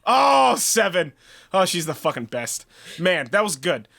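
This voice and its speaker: A man co-hosting a review podcast, ranting in a profane, animated way and stumbling over restarts. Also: high voice, measured pace, gravelly. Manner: animated and swearing, frequent restarts. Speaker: podcast co-host reviewing a TV series.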